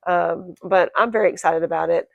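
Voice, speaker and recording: A woman crochet vlogger chatting casually to her viewers, quick and self-correcting, her voice croaky today. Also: lowish voice, fairly even intonation, no echo, muffled recording. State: croaky, clearing throat. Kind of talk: casual chat to camera.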